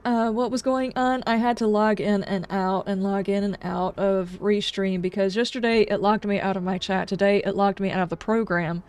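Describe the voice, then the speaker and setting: A woman's voice: mid-range voice, fairly even intonation, moderate pace, few pauses, a little mellow, clear, resonant tone, soft background music. A woman game streamer chatting casually on a livestream, ranting in exasperation with sarcastic asides.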